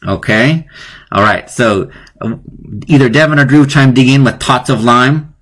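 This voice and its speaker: A man's voice: mid-range voice, measured pace, a bit bright. Man, live online teacher, playful, chatty, chuckling, casual delivery. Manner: playful, chatty, chuckles at his own jokes. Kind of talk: casual live-streamed lesson.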